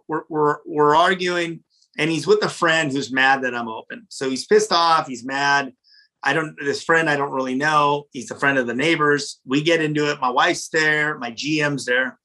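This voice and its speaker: A restaurant owner telling a story in his office, animated and profane, often repeating words when he gets worked up. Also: medium pitch, normal speed. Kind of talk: casual storytelling in an interview.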